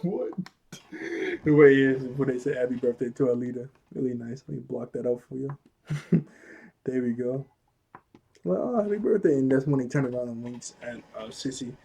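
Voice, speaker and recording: Dude chatting thru a cartoon recap, laughs a lot, kinda husky, soft mellow tone. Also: male voice, mid-range voice, fairly even intonation, normal speed, pauses often. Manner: chatty and rambling, laughs often, slangy. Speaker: cartoon episode reviewer. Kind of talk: casual recap commentary.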